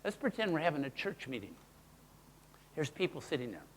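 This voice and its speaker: A man presenting a teaching seminar, who talks in an animated way and acts out his examples in character voices. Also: a little high, a little fast. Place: presentation room. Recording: long hall reverb.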